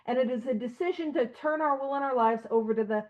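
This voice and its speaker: A woman with a high voice leads a recovery study over an online call, earnest and emphatic, dropping in quick asides. The sound is dull and lo-fi, like audio from a video call. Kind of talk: conversational study talk.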